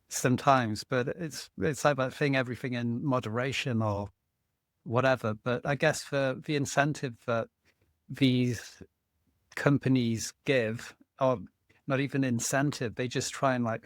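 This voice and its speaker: A man co-hosting a laid-back podcast, thoughtful and working through his ideas out loud. He often reaches for fillers as he talks. His voice sits at a middle pitch, and the recording is close and dry. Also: no room sound. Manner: reflective, thinks aloud with fillers. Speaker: podcast co-host. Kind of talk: casual conversation.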